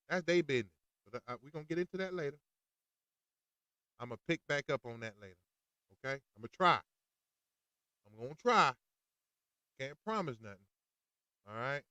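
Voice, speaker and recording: A male podcast host rants casually and with exasperation, speaking outdoors. His voice is smooth and clear at a middle pitch. The sound is dry and close to the mic. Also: no room sound. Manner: animated, exasperated, keeps saying "man". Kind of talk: casual ranting monologue.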